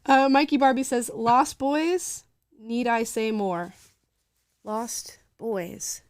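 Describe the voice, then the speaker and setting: A woman's voice: on the high side, slow, clean tone, no echo, studio quality. A woman hosting a live talk show, reading viewer comments aloud in an upbeat, chatty way and laughing often.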